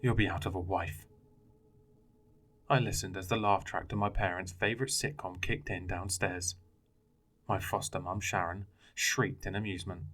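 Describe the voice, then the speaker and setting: A man narrating a first-person horror story in a measured, dramatic way. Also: low-pitched, fairly bright tone. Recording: faint music bed.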